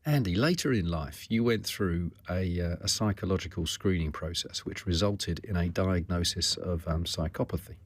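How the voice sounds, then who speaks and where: A man hosting an interview, asking measured, probing questions with small hesitations. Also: deep voice, slightly rough, no echo. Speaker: podcast host, interviewer. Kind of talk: conversational interview.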